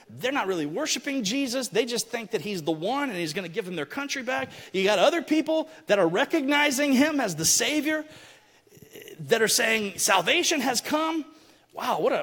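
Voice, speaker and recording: A man preaching a sermon, telling stories and acting out the people he quotes, building to loud, forceful passages. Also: sits high, husky. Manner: animated storytelling, acts out quotes, rising to shouts. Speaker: pastor. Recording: long hall reverb.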